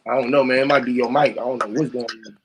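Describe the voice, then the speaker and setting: Fast and steady in tone, a man with a medium-pitched voice hosts a live stream against a noisy background. He rambles with heavy slang, profanity and frequent rhetorical questions while greeting callers who join the voice chat.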